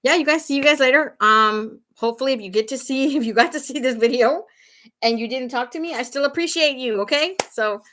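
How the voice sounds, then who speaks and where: A woman's voice: sits high, brisk, fairly bright tone. A woman hosting a live makeup tutorial, chatting casually and laughing often as she talks straight to her viewers. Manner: talks straight to viewers, asking "right?" and "okay?". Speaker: beauty vlogger hosting a livestream.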